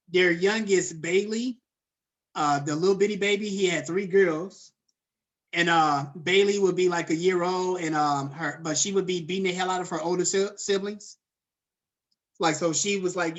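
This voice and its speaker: A man's voice: sits high, fairly bright tone. A man teaching a college class online, talking in a loose, conversational way, checking in with students by name and using plenty of fillers. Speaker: college lecturer.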